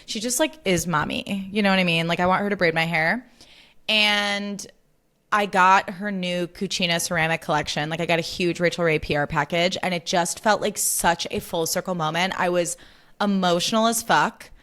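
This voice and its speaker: A woman's voice: on the low side, steady tone, moderate pace, fairly bright tone. Young woman host, bubbly chatty delivery, casual swearing, solo podcast chat.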